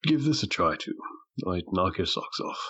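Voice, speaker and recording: A man's voice: sits low, very animated, moderate pace, a bit bright, husky, exaggerated voice. A man voicing a friendly, easygoing male tavern keeper.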